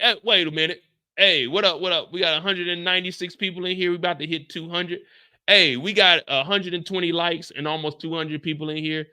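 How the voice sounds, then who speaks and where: A man hosting a live after-show stream, ranting loudly and profanely straight to his chat. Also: fairly high pitch, clear, resonant tone, dry recording, clean studio sound.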